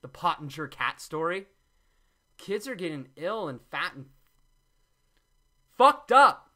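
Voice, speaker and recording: A man's voice: a little high, expressive, normal speed, bright, forceful tone. A man giving a homemade juice recipe in a rambling, jokey way, often taking back his own jokes. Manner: jokey, rambling, often backtracks with "I'm kidding". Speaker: vlogger demonstrating a juice recipe. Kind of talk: joking, rambling how-to talk.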